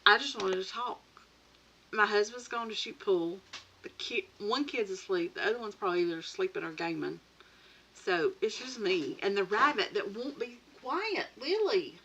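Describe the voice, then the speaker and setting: A woman's voice: mid-range voice, lively intonation, normal speed, a bit bright, slightly rough, highs cut off. A woman hosting a casual late-night live chat from her home craft room, chatty and rambling, laughing often and greeting viewers by name. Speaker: crafting channel host. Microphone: computer or tablet mic.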